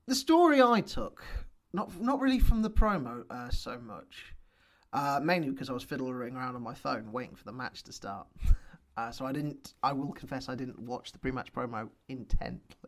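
A man's voice: mid-range voice, lively intonation, moderate pace, a bit bright. A man co-hosting a casual podcast, hesitant and self-deprecating. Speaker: podcast co-host. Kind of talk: casual wrestling podcast chat.

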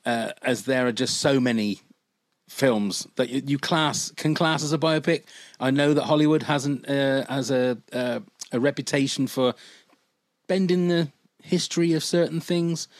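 A man's voice: mid-range voice, no echo. Chatty middle-aged man hosting, dry sound. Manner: jokey, chatty, laughs often. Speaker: podcast host. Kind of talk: casual chat.

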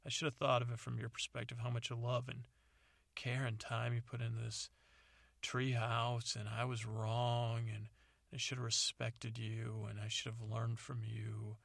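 A man's voice: mid-range voice, monotone, measured pace, creaky, fairly bright tone, no echo. A man voicing an earnest grown son apologizing to his parents.

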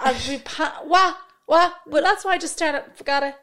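A woman in her thirties co-hosting a podcast, chatting casually, animated and swearing freely. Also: high voice, moderate pace. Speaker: podcast co-host. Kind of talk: casual chat.

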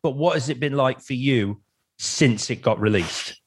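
A man's voice: medium pitch, measured pace, husky. A man hosting an interview, chatty and enthusiastic as he asks his questions. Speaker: interviewer host.

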